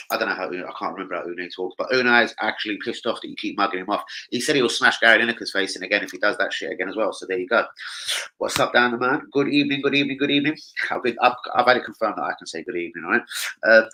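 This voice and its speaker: A man's voice: fairly low pitch, racing, sharp tone, a little hiss or hum, poor audio. A man, hosting a football live stream in a brash, sweary, joking way. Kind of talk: casual live-stream chat.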